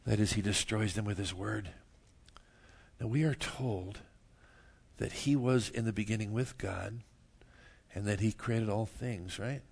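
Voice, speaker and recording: A man preaching a sermon, moving from quiet, low stretches to loud, emphatic bursts and chuckling at his own jokes. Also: measured pace, vocal fry, slightly rough. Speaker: pastor.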